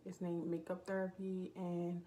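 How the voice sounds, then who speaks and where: A woman's voice: lowish voice, monotone, normal speed, mellow, a little hiss or hum. A young woman vlogging in a casual, confessional way, rambling and heartfelt with lots of filler words, talking from indoors at a relative's home. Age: young adult. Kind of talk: casual confessional vlog chat.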